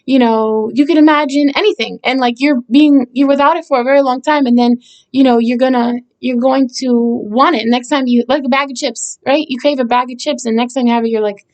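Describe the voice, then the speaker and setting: A woman's voice: high-pitched, fairly even intonation, brisk, a little mellow. A woman songwriter talking casually about the meaning of her song lyrics, rambling with many fillers and restarts. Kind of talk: casual explanatory talk.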